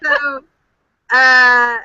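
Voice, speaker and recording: Bright-voiced woman hosting over a video call. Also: high-pitched, flat delivery, extremely slow, clear, resonant tone, no echo, dull audio. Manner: upbeat, reads out viewer questions. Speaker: host. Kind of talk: webinar Q&A hosting.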